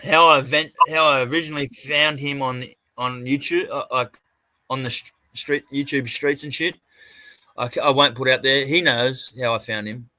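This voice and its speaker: A man's voice: medium pitch, steady tone, moderate pace, sharp tone, dry recording. An Australian man hosting a livestream, a sweary, rambling storyteller who restarts his sentences often. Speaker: livestream host. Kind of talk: casual livestream chat.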